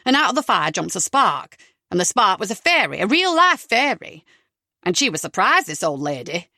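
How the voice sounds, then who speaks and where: A woman's voice: fairly low pitch, sing-song, a little fast, no echo, clean studio sound, voice pushed down, exaggerated voice. A woman doing a brash stand-up comic. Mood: jokey. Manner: loud, punchy joke-telling. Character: brash male stand-up comedian.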